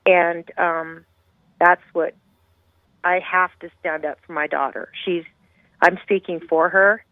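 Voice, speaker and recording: A woman's voice: lowish voice, steady tone, takes it slowly, no echo. A middle-aged woman, a grieving mother, tells her story as a guest in an intense, rambling, heartfelt way. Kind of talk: emotional personal storytelling. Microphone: phone call. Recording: tinny dry phone line.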